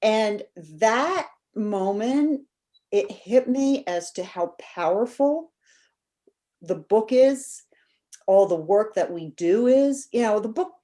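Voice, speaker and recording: A woman guest on a podcast, telling a story in a casual, animated way and acting out the voices of people she quotes. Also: medium pitch, takes it slowly.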